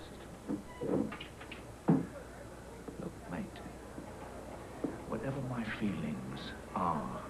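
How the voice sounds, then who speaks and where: Hushed, measured English cop, deep-ish tone, TV movie drama, background hiss. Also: male voice. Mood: menacing. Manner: soft-spoken, measured, low threat. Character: cool English detective, quietly menacing. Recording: noisy old videotape broadcast.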